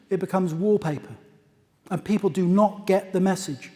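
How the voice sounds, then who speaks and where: A man presenting at a conference, chatty and anecdotal, often drifting into side remarks. His voice sits fairly high, and a long reverb trails off the walls of a large hall. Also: moderate pace, a little mellow. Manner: conversational, anecdotal, with asides. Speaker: conference speaker.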